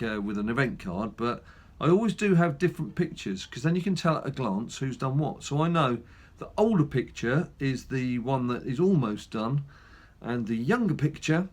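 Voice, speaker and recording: A man hosting a gaming channel, chatting casually through a mobile game with lots of fillers and self-mocking asides. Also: medium pitch.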